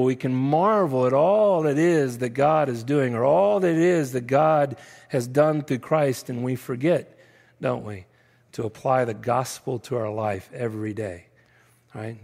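A male Texan pastor preaches in a relaxed, conversational way, checking in with the congregation and slipping in playful asides. His voice has a gravelly edge. The sound rings with the long reverb of a church hall. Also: mid-range voice, normal speed. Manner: conversational preaching, often adding "right?"; self-described nerdy, playful asides. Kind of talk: sermon. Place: church sanctuary.

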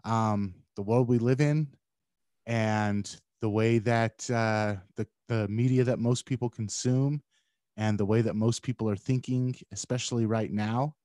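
Reflective man with a mellow, dry voice. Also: on the low side, steady tone, no room sound. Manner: reflective, hesitant, with halting pauses. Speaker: podcast co-host. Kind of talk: casual podcast conversation.

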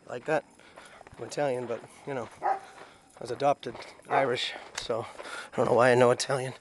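A man's voice: mid-range voice, steady tone, normal speed. A man casually vlogging around his home and yard, rambling and swearing, then apologizing for it. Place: outdoors at home, yard with dogs. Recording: noisy outdoor camera audio with dogs.

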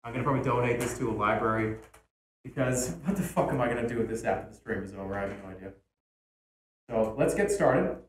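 A man streaming casually, building a toy train set, swearing and breaking into sudden loud outbursts. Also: medium pitch, fast talker, recorded from a distance, a little hiss or hum. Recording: echoey room.

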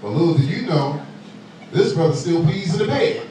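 Male comedian, playful crowd work, lively voice, echoey club room, heard from a distance. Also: a little high, normal speed, noisy background. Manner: playful, teasing, talks to the crowd. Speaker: stand-up comedian. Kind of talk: stand-up comedy set. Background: audience laughter.

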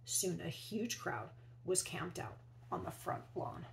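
A woman teacher reading a children's picture book aloud, expressively, and pausing to ask her young listeners questions. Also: fairly low pitch, animated, creaky, a little hiss or hum, low-quality recording. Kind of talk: children's read-aloud storytelling.

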